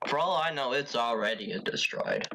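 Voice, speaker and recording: A man's voice: mid-range voice, sing-song, moderate pace, creaky, pushed and bright, a little hiss or hum, poor audio. A man playing in a tabletop game, joking and playful in casual talk. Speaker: player. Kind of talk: casual tabletop role-play.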